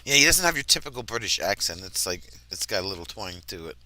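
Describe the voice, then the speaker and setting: Easygoing American man with a bright voice. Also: lowish voice, very animated, fast. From United States, mid-Atlantic region. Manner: easygoing, rambling, laughs often. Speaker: host. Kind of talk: casual chat.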